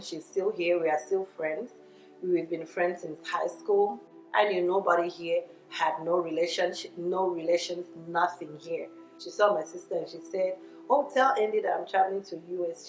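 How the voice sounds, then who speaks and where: A middle-aged Nigerian woman telling her own immigrant story in an earnest, reflective way. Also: fairly low pitch. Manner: earnest, reflective, with small laughs and self-corrections. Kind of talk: personal testimony monologue. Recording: echoey room with faint music.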